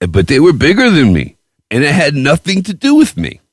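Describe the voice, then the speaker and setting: A man hosting a podcast, telling a story in casual chat with a profane, boastful, animated way of talking. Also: fairly high pitch, moderate pace, breathy edge, dry recording, clean studio sound. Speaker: podcast host.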